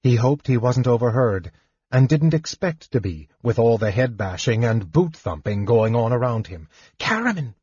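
A man narrating a fantasy audiobook in a measured, expressive storytelling manner. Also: medium pitch, husky, dry recording. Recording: dull lo-fi dry recording.

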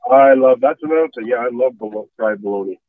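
A man co-hosting by phone from his truck, bantering in casual chat. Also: mid-range voice. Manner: bantering, quick reactions. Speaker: co-host on the phone. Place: in a truck in traffic. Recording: tinny phone line.

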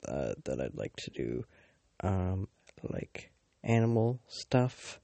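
A low, gravelly teenage boy rambles through a storytime at an unhurried drawl, his voice dark and dry in the room. He swears a lot, trips over fillers and restarts, and drops mocking asides about everyone he meets. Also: sing-song, dry recording. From Canada. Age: teens. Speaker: vlogger.

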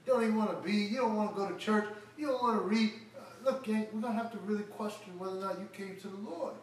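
This pastor talks fast in a high voice with a steady tone, delivering an expository sermon in which he acts out Bible characters in casual everyday speech. The echoey room, distant mic placement and slight background noise are all audible.

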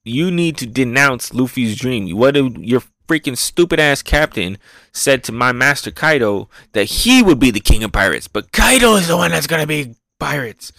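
A man's voice: medium pitch, very animated, normal speed, gravelly, fairly bright tone, dry recording. A man voicing a brutal, hot-headed young female pirate who demands and threatens in a dry, close recording. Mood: demanding. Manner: bossy, demanding.

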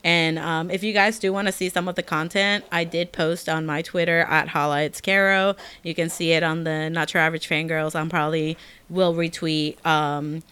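A young adult woman co-hosting a casual chat, telling a story with lots of animation and jumping high when she acts out quotes. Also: little pitch movement, normal speed, a bit bright, clean tone. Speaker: podcast co-host.

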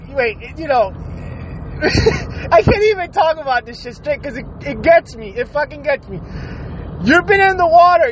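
A man hosting his own show in a casual, profane rant, laughing as he goes. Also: very high voice. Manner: profane, animated, laughs while ranting. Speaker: podcast host. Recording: slightly dull audio with faint noise.

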